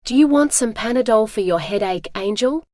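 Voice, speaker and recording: A woman's synthetic reading voice speaking the lines of a quiet, teasing young man who keeps a captive. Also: unhurried, dry recording, studio quality. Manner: low, calm and teasing.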